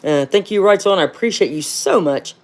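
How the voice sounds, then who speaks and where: A woman's voice: lowish voice, a little fast. A middle-aged woman talks straight to her viewers on a livestream, casual and rambling, with lots of fillers. She calls people honey and gets fired up, piling on rhetorical questions. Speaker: livestream host.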